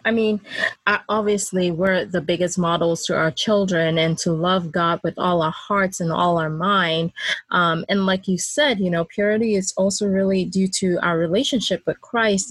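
A woman hosting a faith talk show, responding warmly and affirming her guest. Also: on the low side, fairly even intonation, normal speed, slightly rough, no room sound. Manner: affirming, quiet listener. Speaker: host.

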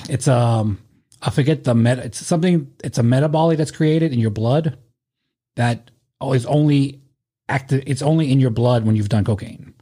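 A man tells a rambling story in casual conversation. His voice is husky, and he swears and laughs freely. He keeps restarting his sentences as he goes. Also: mid-range voice, moderate pace, dark tone.

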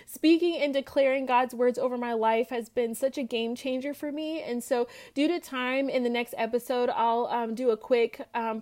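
A woman's voice: fairly high pitch, a little mellow. A woman hosting a faith podcast, sharing her personal testimony in an earnest, heartfelt way and quoting scripture. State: tearful at times. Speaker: podcast host.

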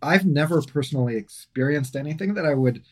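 A man's voice: fairly high pitch, fairly quick. A man hosting a podcast in casual conversation, thoughtful and questioning.

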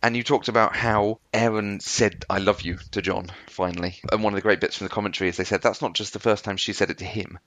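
A man co-hosting a casual podcast chat, relaxed and teasing, chuckling often. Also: on the low side, fast, few pauses, no echo. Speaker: podcast co-host.

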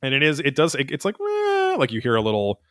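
A man's voice: medium pitch, racing, fairly bright tone, no echo, clean studio sound. A man hosting a podcast, recapping an episode in a rambling, profane, wry casual chat. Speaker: podcast host.

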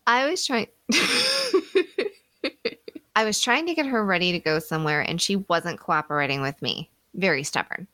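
A woman's voice: fairly low pitch, animated, moderate pace, sharp tone, no room sound, studio quality. A woman co-hosting a casual comedy podcast, reading listener stories aloud with a playful, giggly, self-mocking manner. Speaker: podcast co-host.

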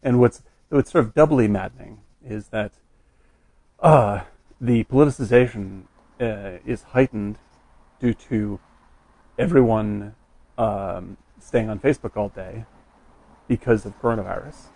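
A man co-hosting a casual political chat, animated and joking as he talks. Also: lowish voice, unhurried, pauses often, no echo.

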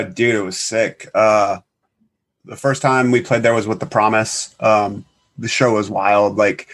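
A man's voice: lowish voice, fairly bright tone. A man, a band guitarist, telling stories in casual podcast chat in a rambling way full of filler words. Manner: rambling, filler-heavy storytelling.

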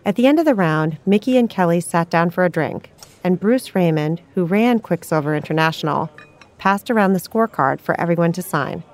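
Low-voiced woman narrating a podcast. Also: lively intonation, fairly quick. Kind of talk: scripted narration.

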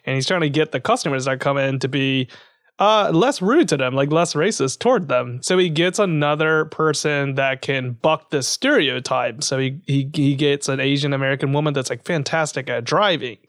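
A man's voice: fairly high pitch, moderate pace, a bit bright, no echo, studio quality. A man co-hosting a podcast, telling stories in casual chat with repeated starts and laughs. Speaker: podcast co-host.

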